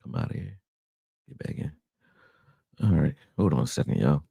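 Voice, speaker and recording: A man's voice: very deep voice, normal speed, vocal fry, breathy edge, no room sound, clean studio sound. A young man hosting a casual, profane breakdown of football game film, talking straight to his viewers. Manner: animated, profane, exasperated, talks to viewers as y'all. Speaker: sports channel host breaking down game film. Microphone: close desktop mic, screen sharing.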